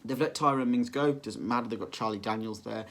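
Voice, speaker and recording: A man's voice: medium pitch, brisk, fairly bright tone. Rambling football vlogger, man. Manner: rambling, filler-heavy, self-correcting. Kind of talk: casual solo prediction vlog.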